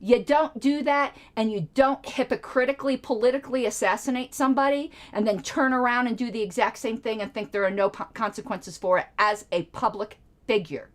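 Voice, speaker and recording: A woman's voice: on the high side, fairly quick, few pauses. A middle-aged woman hosting a live stream, ranting in a sarcastic, combative and profane way. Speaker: show host.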